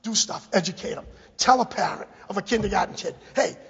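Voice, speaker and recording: A man's voice: high-pitched, fast, creaky, breathy edge. A middle-aged man gives an impassioned, repetitive public comment at a town committee meeting, urging the members to act. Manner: emphatic, repetitive, exhorting. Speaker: bereaved parent giving public comment. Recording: dull, echoey public-access meeting recording.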